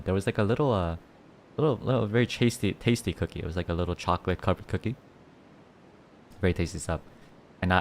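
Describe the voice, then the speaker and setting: In a low voice over slight background noise, a man streams and chats casually. He rambles, keeps restarting, giggles a lot, and thanks his donors with playful rawrs.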